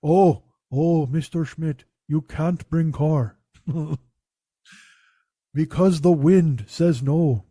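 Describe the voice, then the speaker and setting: A man putting on the slow, solemn voice of an older man. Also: fairly high pitch, warm tone, husky, no echo, studio quality, exaggerated voice. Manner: slow, halting delivery.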